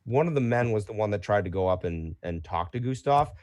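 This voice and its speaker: A man's voice: on the low side, brisk, slight background noise. A man running a tabletop game as game master, narrating casually and loosely. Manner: casual, relaxed narration with fillers.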